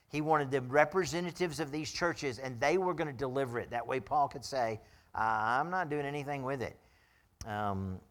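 A man serving as pastor, preaching a sermon in a conversational way with dry humor and frequent chuckles. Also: mid-range voice.

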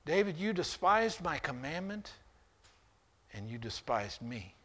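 A man delivers a sermon slowly in a sing-song voice, reading scripture in King James wording with deliberate weight. When voicing God's rebuke, he swells loud and high, then drops back to a soft tone.

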